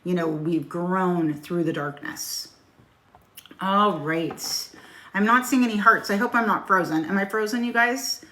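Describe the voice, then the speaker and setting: Her voice is fairly low yet bright and forceful, delivered at a measured pace, as this middle-aged tarot reader streams live from her phone. The reading is casual and frank, with free swearing and viewers greeted by name.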